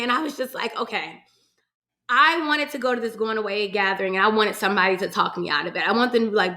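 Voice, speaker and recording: A young woman from Virginia talks straight to her listeners in a bright, sharp-edged voice, mid-pitched for a woman. She tells a personal story in a loose, chatty way, full of y'all and casual swearing, and now and then she fights back tears. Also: quick pace. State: emotional, holding back tears at times. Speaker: podcast host. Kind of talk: casual solo podcast storytelling.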